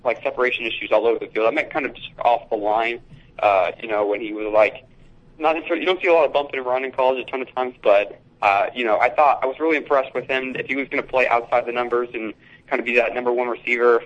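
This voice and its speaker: Young male caller, halting and rambling, muffled lo-fi phone sound, mid pitch. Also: fairly even intonation. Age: young adult. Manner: rambling, halting football analysis. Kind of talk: casual call-in chat. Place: school hallway. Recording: dull lo-fi phone line.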